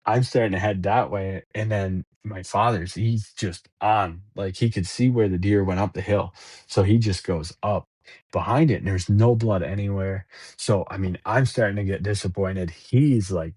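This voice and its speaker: A man with a low, husky voice tells a story in a loose, rambling way. He stumbles over and repeats words while acting out bits of dialogue. The sound is close and dry. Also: normal speed, darkish tone, dry recording. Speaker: podcast guest. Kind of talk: casual storytelling.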